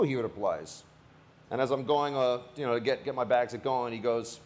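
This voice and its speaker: A man's voice: mid-range voice, a little fast. A man, a radio host, giving a political rally speech with a joking, anecdotal storytelling manner.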